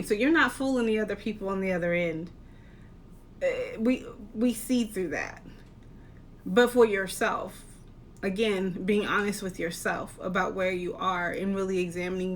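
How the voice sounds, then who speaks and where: A woman life coach giving an earnest, encouraging talk, posing rhetorical questions with measured, deliberate delivery. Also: on the high side, fairly bright tone. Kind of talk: motivational talk to camera.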